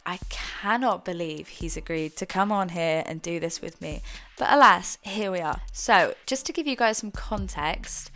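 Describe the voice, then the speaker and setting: A woman's voice: lowish voice, normal speed, fairly bright tone. A young woman, introducing her podcast in a chatty, earnest way that is a little self-mocking. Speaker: podcast host.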